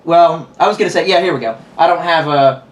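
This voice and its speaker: A man's voice: on the high side, a little fast, lo-fi sound. A young man talking straight to camera in a crude, sarcastic, rambling monologue full of profanity. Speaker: vlogger.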